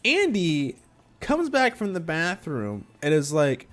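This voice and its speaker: A young man telling a rambling personal story in casual chat, full of restarts and flaring up loud when annoyed. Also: a little high, wildly swooping pitch, takes it slowly, faint music behind. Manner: rambling with many restarts, gets worked up and loud. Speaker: podcast host telling a story.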